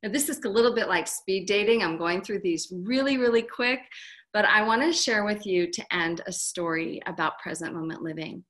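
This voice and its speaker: A woman's voice: mid-range voice, moderate pace, a bit bright. A middle-aged woman, a guest author, telling a personal story in an earnest, heartfelt way.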